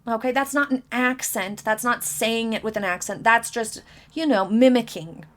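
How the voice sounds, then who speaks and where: A woman's voice: fairly high pitch, normal speed, fairly bright tone. A woman in her thirties giving opinionated commentary, emphatic and incredulous, repeating her points for emphasis. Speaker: commentary vlogger.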